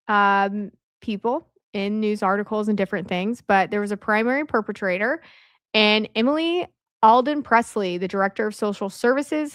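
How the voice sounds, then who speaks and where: At home at night, a woman hosting her video talks casually over on-screen slides into a camera mic at her desk, her medium-pitched voice strained and worn. The sound is studio quality with no echo. She keeps it conversational, full of fillers and asides.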